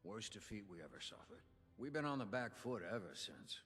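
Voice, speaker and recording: Gruff old inventor-quartermaster, folksy and showy, husky, lively pitch, reverb tail. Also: male voice, a little fast, exaggerated voice. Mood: somber. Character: gruff older male union inventor and quartermaster. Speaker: game character giving quest dialogue.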